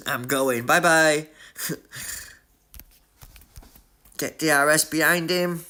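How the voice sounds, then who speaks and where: A man with a Yorkshire accent giving chatty, excitable live commentary on his racing game while talking to his chat. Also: fairly high pitch, takes it slowly, pauses often. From Leeds, Yorkshire, England. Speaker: gaming streamer.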